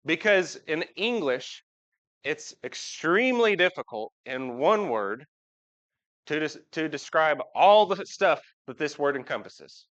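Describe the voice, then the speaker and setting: In a church sanctuary, a man speaks a little slowly in a sing-song, fairly high and fairly bright voice during a casual live sermon. He chats with the congregation and poses questions to them, and the live recording is dull and lo-fi.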